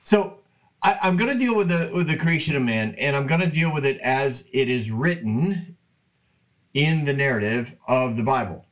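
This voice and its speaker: A man hosting a Bible podcast, talking slowly in a casual, rambling way, with many restarts. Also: mid-range voice, animated, lo-fi sound. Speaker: podcast host. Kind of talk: casual Bible teaching monologue.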